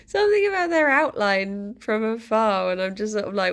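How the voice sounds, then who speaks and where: Woman streamer, relaxed slow ramble, creaky gravelly tone, laughs a lot. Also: medium pitch. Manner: rambling and chatty, often laughing, coos at her pet. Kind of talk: casual chat to a live stream. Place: home.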